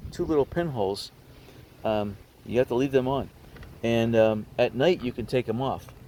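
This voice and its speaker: A man casually showing his garage sale finds on camera, chatty and hesitant, breaking into excitement over bargains. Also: mid-range voice, a little hiss or hum. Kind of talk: casual show-and-tell vlog.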